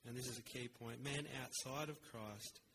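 Man preaching a measured sermon. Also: medium pitch, noisy background. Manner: earnest, measured preaching with rhetorical pauses.

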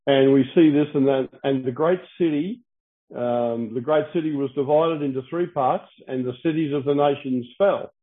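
A man teaching through Bible verses, explaining Greek words, with frequent fillers and restarts. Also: mid-range voice. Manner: halting, many fillers and restarts, clears throat. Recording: tinny phone-like audio.

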